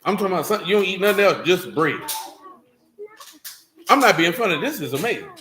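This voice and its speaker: A man's voice: sits high, very animated, fast talker, pushed and bright, a little hiss or hum. A man leading a Bible study, teaching loosely and breaking into teasing, joking asides. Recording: echoey room.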